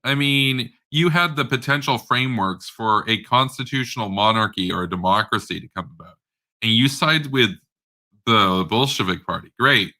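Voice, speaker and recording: Male commentator with a low, piercingly bright voice; blunt, sarcastic, stumbling off-the-cuff rant. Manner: rambling, with frequent fillers and stammered repeats. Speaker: political commentator. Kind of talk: casual unscripted political rant.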